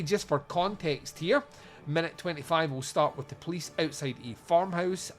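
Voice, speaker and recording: A Scottish man hosts a podcast with loose, rambling jokes, laughing as he goes. His voice sits a little high for a man. Faint music runs underneath. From Scotland. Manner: jokey, rambling, laughs often. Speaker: podcast host. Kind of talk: casual podcast chat.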